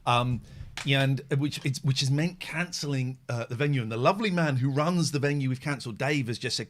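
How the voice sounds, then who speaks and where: A man's voice: medium pitch, brisk. A man hosting a live phone-in stream, rambling and joking as he reads out chat messages. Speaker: host.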